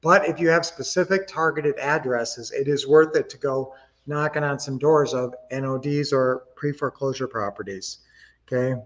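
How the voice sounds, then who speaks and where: A man's voice: mid-range voice, normal speed, dull audio. A man hosting a casual home-investing livestream from his home office, chatty and upbeat, talking straight to his viewers. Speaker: livestream host.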